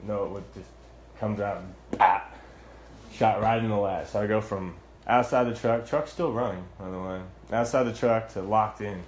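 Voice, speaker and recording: Young guy venting about his arrest, low voice, blunt and sweary, roomy echo. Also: moderate pace, a little hiss or hum. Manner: agitated, blunt, swears, restarts often. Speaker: former Marine recounting his arrest. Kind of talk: heated first-person account.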